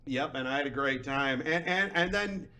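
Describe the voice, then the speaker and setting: A young adult man hosting a podcast, chatting in an animated, laughing, self-deprecating way. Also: mid-range voice, moderate pace. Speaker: podcast host. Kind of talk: casual chat.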